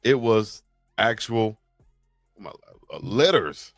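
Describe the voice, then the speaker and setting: A man's voice: fairly low pitch, expressive, drawn-out words, no room sound, clean studio sound, soft background music. A man hosting a casual sports talk show, telling stories in a laid-back way. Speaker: host.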